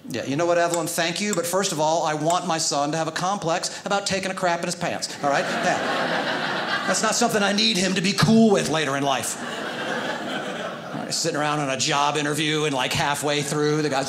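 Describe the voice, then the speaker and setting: Male stand-up comic, animated, fairly high voice, echoey stage with audience noise behind. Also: brisk. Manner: animated, acts out voices of his son and others. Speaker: stand-up comedian. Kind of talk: stand-up comedy set. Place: theater stage before a live audience.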